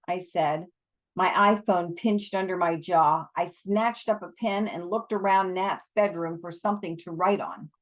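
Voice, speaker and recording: A woman reading a novel aloud for an online audience, with relaxed, chatty asides. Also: fairly low pitch, unhurried. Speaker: storybook reader.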